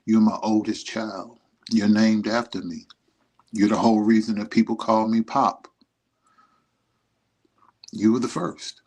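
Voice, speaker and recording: Middle-aged guy talking to his son on a stream, husky low voice, emotional and rambly. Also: flat delivery, a little slow, long pauses, a little mellow. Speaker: vlogger. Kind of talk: heartfelt message to his son. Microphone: streaming setup.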